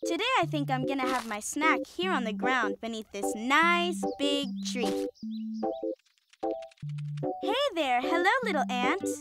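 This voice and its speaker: A woman's voice: high-pitched, exaggerated voice. An actress voicing a prim young cartoon girl who speaks in a huffy way.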